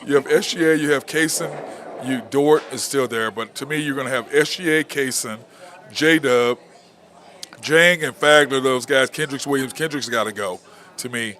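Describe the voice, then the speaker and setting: A man hosting a sports talk show, making blunt opinionated points with rapid-fire rhetorical questions. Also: medium pitch, bright, forceful tone. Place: outdoor venue at a barbecue spot.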